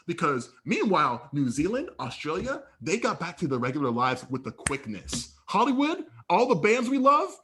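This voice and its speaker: Animated profane podcast co-host, bright voice. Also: male voice, a little high, slight background noise. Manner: profane, slangy, tells stories with acted-out dialogue. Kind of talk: casual storytelling chat.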